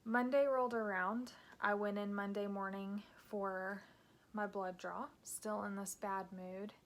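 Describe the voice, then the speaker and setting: A woman's voice: mid-range voice, flat delivery, measured pace. A woman in her thirties telling her own story to camera in a candid, emotional way. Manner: candid and emotional, with some soft hushed passages. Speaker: vlogger.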